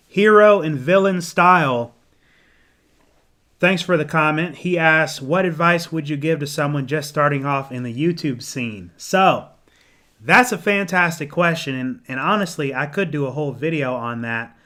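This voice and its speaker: A young man casually answering viewer comments on a live stream, rambling with ums and restarts, clearing his throat and losing his voice. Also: on the high side, unhurried, long pauses, sharp tone. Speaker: menswear YouTuber hosting a live Q&A.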